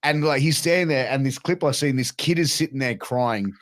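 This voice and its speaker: A man's voice: mid-range voice, fairly quick, no echo. A man hosting a podcast interview, telling stories casually and swearing freely as he acts out what others said. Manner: animated storyteller, swears freely, acts out quotes. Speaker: podcast host.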